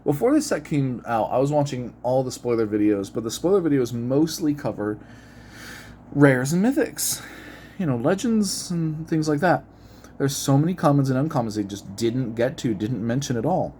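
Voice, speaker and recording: A man in an easygoing, unscripted monologue, reading card text aloud and then musing over it, laughing now and then. His voice sits at an ordinary middle pitch. A faint hiss runs under the recording. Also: animated, normal speed, warm tone. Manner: chatty, reads card text aloud and muses, laughs often. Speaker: card-opening video host. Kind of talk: unedited casual commentary.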